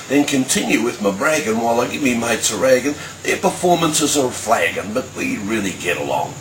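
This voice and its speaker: Australian man, rhyming verse recital, lively sing-song delivery, slow and deliberate, echoey distant recording with background noise. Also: mid-range voice. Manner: rhythmic, sing-song delivery with broad slang. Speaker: bush poet. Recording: echoey, distant, noisy ambience.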